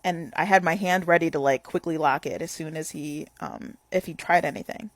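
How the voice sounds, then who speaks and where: A woman's voice: deep voice, a little fast, dry recording. A young woman telling a casual storytime, rambling with lots of "like" fillers.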